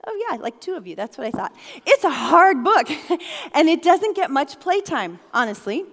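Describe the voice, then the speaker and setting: A woman's voice: high voice, big pitch swings, moderate pace, a bit bright, long reverb tail. A middle-aged woman pastor giving a sermon in a playful, conversational way, laughing often.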